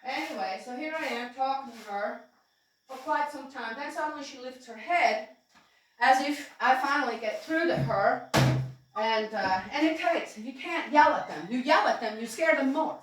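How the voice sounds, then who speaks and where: Rambling high-voiced woman in an echoey room. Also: animated, normal speed. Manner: rambling, with many fillers and frequent soft laughs; talks to herself aloud. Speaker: spiritual storyteller. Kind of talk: casual spoken memoir narration. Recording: very echoey room, distant mic, faint hiss.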